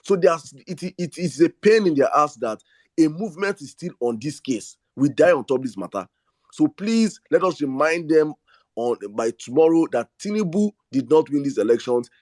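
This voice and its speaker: A man's voice: a little high, lively intonation, moderate pace, a little mellow, dry recording. Impassioned Nigerian man with dry sound. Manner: impassioned, repeats words and restarts; slips into Pidgin. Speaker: host of an online audio space. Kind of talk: rallying live-stream talk.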